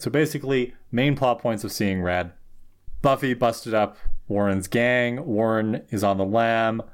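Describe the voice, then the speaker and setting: A man co-hosting a casual chat, asking questions and breaking things down analytically, with a lot of "like". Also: lowish voice. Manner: inquisitive, analytical, says "like" often. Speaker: podcast co-host.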